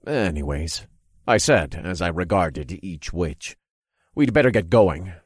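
A man narrates a story in the first person with calm, detailed description. His voice is very low and even. The recording is close and dry, with no echo. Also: measured pace, husky.

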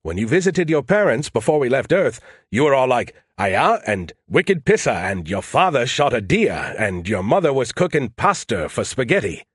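A man's voice: mid-range voice, expressive, brisk, hardly any pauses, breathy edge, no echo, studio quality, voice pushed up. A man voicing an arrogant, snarky male alien AI that talks down to humans. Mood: mocking. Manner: condescending, mocking.

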